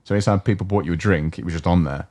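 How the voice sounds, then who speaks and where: A deep, mellow-voiced man chats fast and loosely on a podcast. He rambles through anecdotes and acts out the people he talks about. The sound is dry and close. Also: dry recording. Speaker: podcast co-host. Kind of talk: casual chat. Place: indoor podcast studio.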